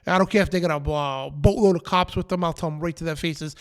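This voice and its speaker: A man's voice: fairly high pitch, fast talker. Fiery, defiant male show host. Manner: emphatic, defiant, repeats phrases. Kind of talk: fiery preaching rant on a live show.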